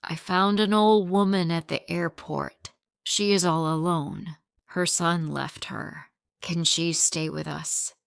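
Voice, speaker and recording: Kind male officer, voiced by a woman: soft, slow and reassuring, in a smooth, dry-sounding read. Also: lowish voice, steady tone, dry recording. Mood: caring. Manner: gentle, comforting, simple sentences. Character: kind middle-aged male police officer.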